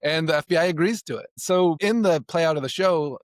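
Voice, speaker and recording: A man's voice: on the high side, brisk, no echo, studio quality. A man talking casually and reflectively as a podcast guest, rambling with restarts. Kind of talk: casual conversation.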